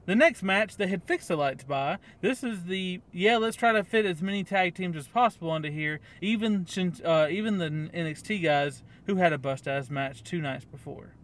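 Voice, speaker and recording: A man's voice: high-pitched, normal speed, hardly any pauses, a bit bright. A man co-hosting a wrestling podcast, chatting casually and rambling with lots of ums and little laughs. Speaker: podcast co-host. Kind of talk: casual chat.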